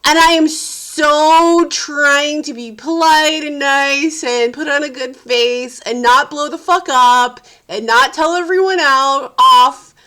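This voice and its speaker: A woman's voice: high voice, slow, few pauses, sharp tone. A sleep-deprived woman, a parent, venting in a casual vlog with profane, exasperated rants. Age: adult parent. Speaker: vlogger.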